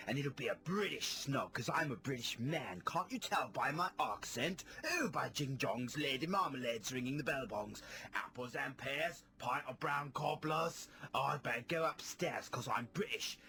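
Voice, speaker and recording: A man's voice: mid-range voice, expressive, moderate pace, pushed and bright. A man playing a cheeky male rascal with an exaggerated mock Cockney accent in a comedy radio sketch, sing-song and giggly. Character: cheeky fake-British man-about-town, rascally.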